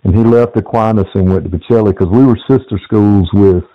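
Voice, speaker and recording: Male host, relaxed coach, dull lo-fi recording, deeper voice. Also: brisk, no echo. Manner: relaxed, laughs along, tells short anecdotes. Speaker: podcast host, football coach. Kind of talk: casual interview chat. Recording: dull lo-fi dry sound.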